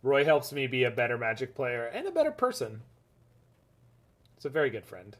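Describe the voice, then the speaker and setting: A man casually commenting on his own card game matches, chatty and jokey, swinging between enthusiastic bursts and low mutters. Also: huge pitch swings, normal speed. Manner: chatty, rambling, jokey, laughs often. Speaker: gaming streamer.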